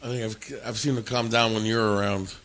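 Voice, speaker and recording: A man's voice: lowish voice, fairly even intonation, fairly quick, fairly bright tone. A man co-hosting a casual podcast, brash and joking, laughing often and trying out put-on accents. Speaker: podcast co-host. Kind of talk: casual chat.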